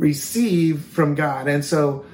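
A man's voice: a little high, slow pace. A man co-hosting a faith talk show, speaking in an earnest, emphatic, preaching style. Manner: earnest, emphatic, rising in intensity. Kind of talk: preaching-style casual chat. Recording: echoey room with faint noise.

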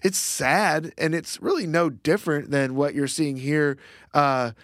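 A man talking through a Bible passage in a casual faith discussion, reflective and halting, with many fillers and restarts. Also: a little high, fairly even intonation, a bit bright, dry recording, clean studio sound.

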